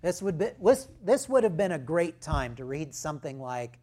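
A male pastor preaching a sermon, deliberate and emphatic, with rhetorical questions and firm points. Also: a little high, very animated, mellow.

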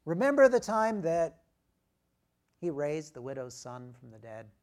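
A man voicing a calm, reassuring male disciple in a sermon retelling, speaking upbeat and a little higher. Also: measured pace.

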